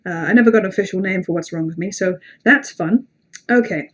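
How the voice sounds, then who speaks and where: Speaking briskly in a fairly low voice, this young Englishwoman fills the gaps between horror story readings on her livestream with rambling, self-mocking, foul-mouthed chatter in British English. The treble is cut off.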